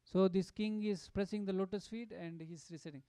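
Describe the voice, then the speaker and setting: A man giving a devotional storytelling talk at a satsang, animated and full of fillers and restarts. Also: sits high, moderate pace, hardly any pauses, clean tone, no room sound. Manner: animated, acts out quotes, many fillers and restarts. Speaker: satsang speaker.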